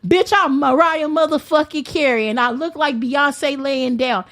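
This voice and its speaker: Brash high-voiced woman ranting. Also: measured pace. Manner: loud, brash, profane ranting with laughter. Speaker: podcast guest. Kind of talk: casual chat.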